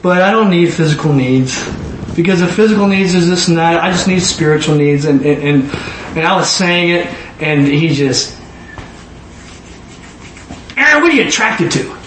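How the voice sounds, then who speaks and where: A man preaching a testimony in a rambling way, repeating words as he restarts. His voice sits high. The recording is echoey, with a faint background hiss. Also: normal speed. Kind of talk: sermon testimony. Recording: echoey room with faint noise.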